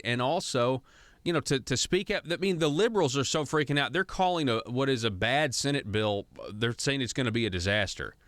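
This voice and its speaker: A man's voice: medium pitch, brisk, fairly bright tone, dry recording. A man from Arkansas hosting a political talk radio show, chatty and growing heated and emphatic, in a studio. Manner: conversational, grows heated and emphatic.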